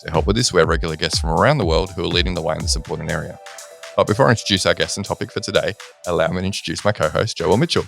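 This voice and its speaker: A man's voice: deep voice, racing, creaky, fairly bright tone, soft background music. A middle-aged Australian man hosting a podcast, joking and easygoing with plenty of fillers. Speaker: podcast host. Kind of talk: casual podcast chat.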